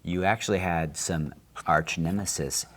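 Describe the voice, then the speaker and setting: A man's voice: low voice, measured pace, a bit bright. A man co-hosting a podcast who prompts the host's stories with wry jokes. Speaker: podcast co-host. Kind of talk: casual interview chat.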